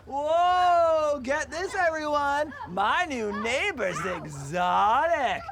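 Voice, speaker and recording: An actress playing a chatty, teasing small-town neighbor. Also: female voice, fairly high pitch, very animated, noisy background. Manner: teasing, folksy, drawn-out.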